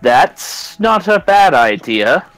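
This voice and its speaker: A man's voice: on the high side, big pitch swings, slow pace, a bit bright, soft background music, poor audio. A man playing a tabletop game, chatting casually with a wry, joking manner. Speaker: player.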